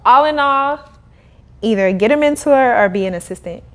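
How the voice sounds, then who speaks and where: A young adult woman, a guest in a casual interview, telling her story in a lively way, laughing and acting out what people said. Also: a little high, normal speed. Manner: animated, laughing, acts out quoted dialogue. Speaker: guest, cleaning business owner.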